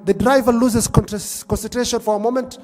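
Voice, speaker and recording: A man delivers a sermon as an emotive story, often repeating lines in Arabic and then English. His voice sits high for a man. The sound carries a long hall reverb. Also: steady tone, brisk, darkish tone. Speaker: preacher.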